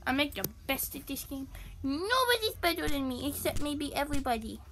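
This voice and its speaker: A woman voicing a silly, boastful young puppy who talks through a game, giddy and bragging, jumping between shouts and whispers. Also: sits high, big pitch swings, fairly quick. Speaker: channel host. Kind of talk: gameplay commentary in character.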